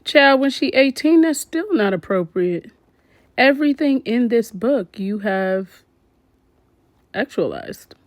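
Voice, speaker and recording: Woman vlogger, casual commentary, animated, exclaiming, talks to viewers, dry close sound. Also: a little high, takes it slowly, dry recording.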